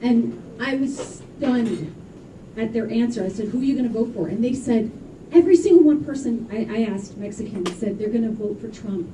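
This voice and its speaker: A woman performing a stand-up comedy set in a club, animated and exclaiming, laughing between punchlines. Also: a little high, normal speed. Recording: echoey room from far off with crowd. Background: audience laughter and room noise.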